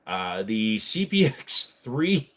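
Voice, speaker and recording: A man's voice: fairly low pitch, big pitch swings, slow, a bit bright. A man hosting a casual livestream Q&A, answering viewer questions bluntly and rambling with frequent fillers.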